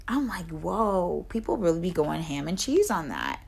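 Animated woman telling stories with laughter. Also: a little fast, vocal fry, slightly rough. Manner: animated storytelling, acts out quotes with big pitch jumps and laughter. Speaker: podcast co-host. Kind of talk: casual chat.

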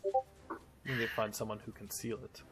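A man playing a tabletop role-playing game, talking in a measured, easy way. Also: medium pitch, sing-song. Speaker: player.

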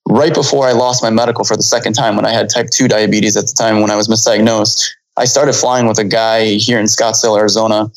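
A man's voice: lowish voice, flat delivery, fast talker, gravelly, few pauses, low-quality recording. A man in his thirties, a pilot, telling a long story in a casual interview, rambling with many fillers and restarts. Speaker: pilot guest.

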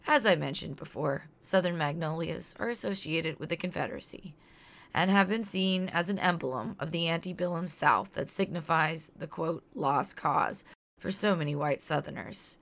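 A woman from Louisiana reads her podcast script aloud with a low, deep voice. She sounds earnest, reflective and outspoken, like a host sharing personal thoughts with her listeners. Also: normal speed, gravelly, a bit bright. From Louisiana, near New Orleans.

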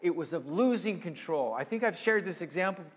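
A man's voice: high voice, animated, brisk, slightly rough. A man preaching a sermon as a pastor, casual and conversational, rising into emphatic pleading bursts. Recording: long hall reverb.

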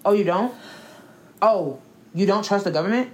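A woman's voice: mid-range voice, a little fast, a little mellow. A young woman talking in a blunt, profane, sarcastic casual chat as co-host.

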